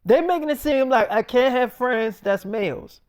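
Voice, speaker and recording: A man with a high-pitched voice tells a rambling, profane story, quoting both himself and others as he goes. The sound is close and dry. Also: moderate pace, clean tone, no room sound. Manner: rambling, profane, quotes people back and forth. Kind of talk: casual spoken story, freestyle.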